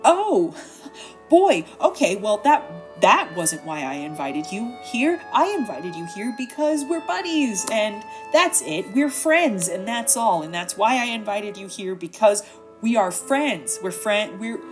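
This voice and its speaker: A woman's voice: mid-range voice, expressive, unhurried, soft background music, lightly acted. A woman voicing a flustered, earnest young female singer in a casual modern way.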